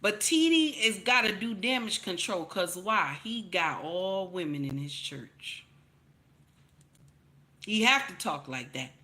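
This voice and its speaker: This woman runs a commentary channel, sermonizing to camera with crude, no-nonsense opinions. She says things again and again for emphasis, calls listeners "baby," and escalates to loud outbursts. She sounds animated, medium-pitched and slow.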